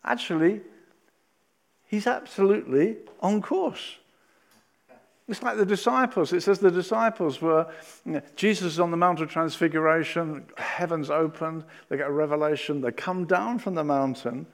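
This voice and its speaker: A fairly high-voiced man delivering a sermon. He acts out Bible scenes with lively energy and drops from loud calls to near-hushed asides. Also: normal speed. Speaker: preacher.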